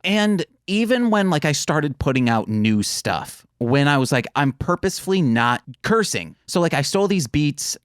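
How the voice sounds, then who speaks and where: A man's voice: fairly high pitch, sing-song, moderate pace, few pauses, clear, resonant tone, no echo. Sardonic man on a dry podcast mic. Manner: candid, sardonic, jokes about dark topics. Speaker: podcast co-host. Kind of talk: casual podcast chat.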